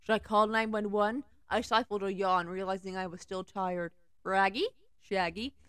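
A young woman casually reading fanfiction aloud, tossing in sarcastic remarks and giggles between passages. Her voice is of middling pitch, and the recording is dry and close, with no room sound. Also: steady tone, normal speed, a bit bright, clean tone, no room sound. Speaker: fanfiction reader.

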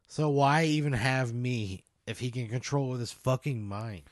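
A man's voice: medium pitch, normal speed, dry recording, studio quality. A man playing along in an improvised comedy scenario, incredulous and exasperated, swearing often. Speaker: player. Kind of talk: improvised comedy role-play.

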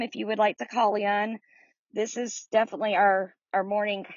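A woman's voice: medium pitch, flat delivery, normal speed, no echo. A woman hosting a Bible study in a chatty, welcoming way, greeting listeners by name. She is recording outdoors in the sun. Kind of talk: casual chat. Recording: dry, slightly dull lo-fi audio.

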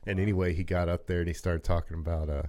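Low-voiced man telling a story. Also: fast. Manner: animated storyteller, acts out quotes. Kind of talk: casual sports chat.

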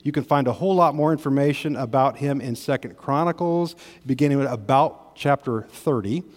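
Male pastor, mid pitch, chatty sermon delivery with asides, church room with long reverb. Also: fairly quick, darkish tone. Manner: conversational preaching with varied emphasis, asides to the congregation. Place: church sanctuary.

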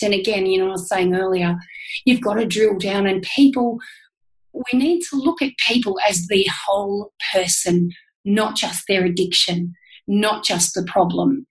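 Heard on poor audio, this Australian woman talks at a moderate pace with fairly even intonation and a medium pitch. As a podcast guest in a candid interview, she comes across as earnest, emphatic and heartfelt.

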